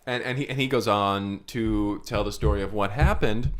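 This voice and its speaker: A man co-hosting an improvised comedy podcast, rambling and stammering as he retells a made-up plot. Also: lowish voice. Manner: rambling, stammering retelling with quick put-on voices. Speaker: podcast co-host.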